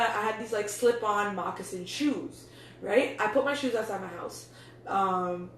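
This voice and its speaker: Young woman rambling casually, cussing, mid pitch, kinda far from the mic in an echoey room. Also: slight background noise. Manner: loose, chatty, swears freely, says "like" and "yo" a lot. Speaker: meditation coach. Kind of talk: casual vlog talk.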